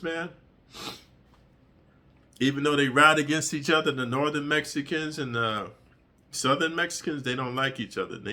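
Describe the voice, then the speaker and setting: A middle-aged man telling prison stories in an animated, profane street-storytelling monologue. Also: fairly high pitch.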